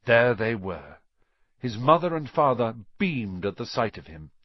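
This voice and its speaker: A man narrating a story in an expressive reading voice, dropping to a hush at quiet moments. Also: mid-range voice, unhurried, dry recording, highs cut off. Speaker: audiobook narrator.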